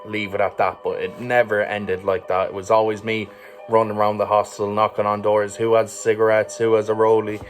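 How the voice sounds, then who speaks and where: A man with an Irish accent tells a story in a low, level voice that barely rises or falls. His delivery is loose and rambling, full of fillers and swearing. Faint music plays softly behind him. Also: level tone, brisk. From Ireland. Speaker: vlogger. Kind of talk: casual storytelling monologue.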